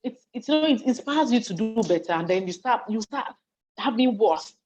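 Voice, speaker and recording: A Nigerian woman with a fairly high voice at normal speed gives a live online talk about leadership and volunteering to a chat audience, speaking from her home study while hungry and yawning. She keeps it lively and conversational, acting out others' words and checking that listeners follow, over dull, lo-fi video call audio.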